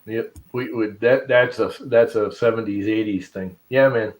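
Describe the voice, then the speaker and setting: A man's voice: lowish voice, steady tone, normal speed, rough recording. A man chatting on a video call, joking and laughing as he tells stories. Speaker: guest. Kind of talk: casual video call chat.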